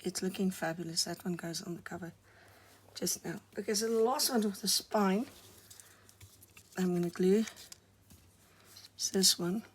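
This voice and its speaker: A woman talking softly to the camera while she decorates a journal cover, often dropping to a murmur or whisper as she works, her voice still hoarse. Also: medium pitch, a little slow, long pauses, a little hiss or hum. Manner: soft-spoken, murmuring while working, frequent near-whispers. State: hoarse, recovering voice. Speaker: craft vlogger. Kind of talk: casual crafting commentary.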